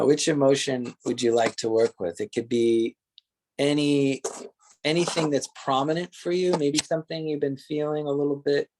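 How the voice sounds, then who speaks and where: A man leading a guided meditation, speaking in slow, gentle, searching phrases and often laughing softly. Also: medium pitch. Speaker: meditation teacher.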